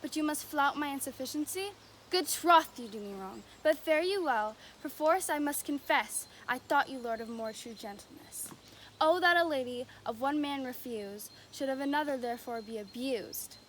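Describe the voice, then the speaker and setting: A woman's voice: sits high, expressive, moderate pace, a bit bright, slight background noise. A young woman playing a spurned young woman, delivering earnest, breathless, pleading verse at an outdoor youth stage performance. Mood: hurt.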